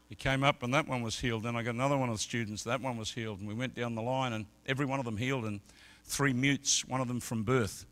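A middle-aged man preaching a sermon as an evangelist, telling stories and swinging from quiet talk to loud shouted peaks. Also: mid-range voice, steady tone, quick pace, few pauses. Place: church service.

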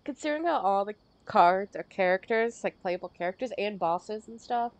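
A woman's voice: medium pitch, expressive, moderate pace. A woman commenting casually over her gameplay, gushing and rambling with many fillers. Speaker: game streamer.

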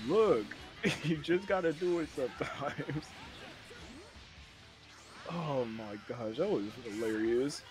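A man playing a fighting game live, excitable and laughing, with yelps as he plays. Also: a little high, slow pace, pauses often, faint music behind. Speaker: player. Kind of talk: live gameplay banter.

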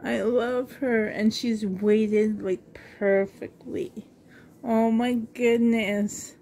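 Slow, gushing woman vlogger. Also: a little high, steady tone, dark tone, a little hiss or hum. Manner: gushing, breathy with delight, slow. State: coughing. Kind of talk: casual unboxing vlog.

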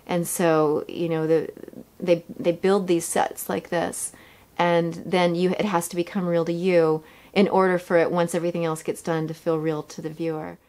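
Animated, lower-voiced woman telling stories. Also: normal speed. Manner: animated, laughs often, acts out quotes. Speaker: actress interviewed in a featurette. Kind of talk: casual storytelling interview.

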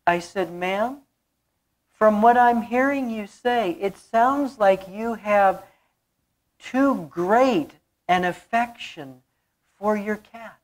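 A woman preaches a storytelling sermon at a slow, deliberate pace. Her voice sits at an ordinary middle pitch. She is earnest and drives her points home by repeating phrases. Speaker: pastor.

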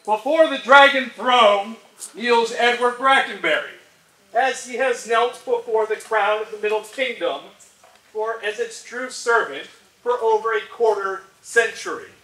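A man's voice: high-pitched, bright, forceful tone. A man reading a formal ceremonial oration, declamatory as he lists honors. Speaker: historian speaking at a ceremony. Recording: echoey and distant.

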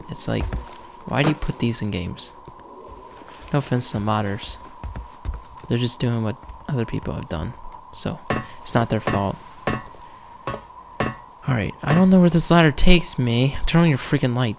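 A young man talks through a horror game at a slow, unhurried pace, jumpy, joking and cursing under his breath. A steady background noise hums under the home recording. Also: medium pitch, vocal fry. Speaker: let's play gamer.

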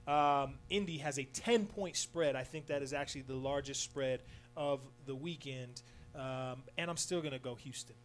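A man's voice: medium pitch, normal speed, faint music behind. A man hosting a casual radio sports show, upbeat and loose, with lots of fillers. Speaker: sports talk show host.

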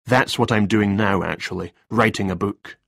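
Jumpy writer guy, voiced by a man, hesitant and defensive, kinda husky. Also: fairly low pitch, normal speed, fairly bright tone, no room sound, clean studio sound. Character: flustered male freelance writer, nervous. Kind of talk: storybook reading.

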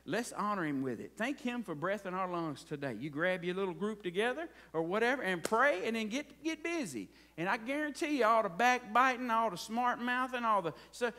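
A man's voice: high voice, a bit bright. A man preaching a conversational sermon as pastor, asking the congregation frequent rhetorical questions.

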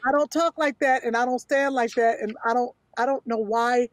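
A woman co-hosting a comedy podcast, protesting in a mock-prim, deliberate way. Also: fairly high pitch, steady tone, no echo. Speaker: podcast co-host. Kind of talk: comedic banter.

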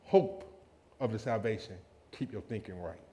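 A man preaching a lively sermon, telling a personal story and acting out quotes with laughter. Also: lowish voice, moderate pace. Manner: animated, laughing, acts out quotes in a raised voice.

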